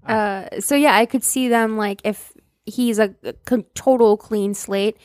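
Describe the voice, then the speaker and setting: A woman's voice: medium pitch, steady tone, measured pace, darkish tone. A woman guest on a casual podcast, speaking thoughtfully and dotting her talk with ums and likes. Her voice sounds dry and close, with no room echo.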